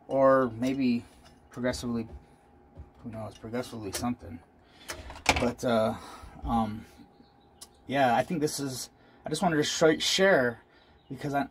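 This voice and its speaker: A man with a medium-pitched voice, recorded with a little hiss or hum, walks viewers through his jewelry casting in a home workshop. He's a vlogger who chats while working, keeps saying "guys," and pokes fun at himself.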